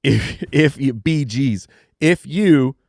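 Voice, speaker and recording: Casual halting male podcast co-host. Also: medium pitch, expressive, creaky, darkish tone, no room sound, studio quality. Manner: rambling, halting restarts, chuckling. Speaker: fantasy football podcast co-host. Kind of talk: casual sports podcast banter.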